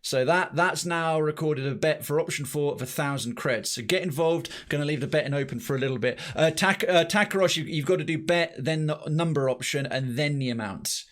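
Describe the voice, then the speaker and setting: A man's voice: on the high side, fairly quick, hardly any pauses, fairly bright tone. A man streaming a video game, rambling casually through his commentary and swearing now and then. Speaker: gaming streamer.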